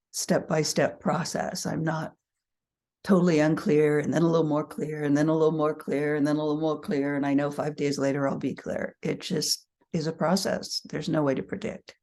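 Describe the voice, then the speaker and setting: A middle-aged woman with a low, mellow voice teaches human design by reading her own booklet aloud. She's chatty, laughs at herself, and slips in asides and quick little acted-out voices.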